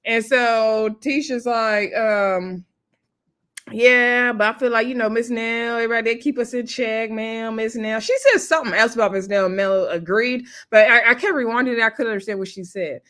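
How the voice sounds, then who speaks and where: A woman's voice: on the high side, moderate pace, fairly bright tone. A woman casually recapping a reality TV episode, chatty and laughing often, acting out cast members' lines. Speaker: TV show reviewer.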